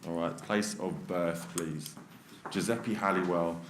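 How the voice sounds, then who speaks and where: A man's voice: sits low, steady tone, reverberant, noisy background. A man performing an improvised freestyle rap story before a live audience, taking suggestions and rhyming in a rhythmic flow. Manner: rhythmic, rhyming delivery with quick laughs. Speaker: freestyle rapper.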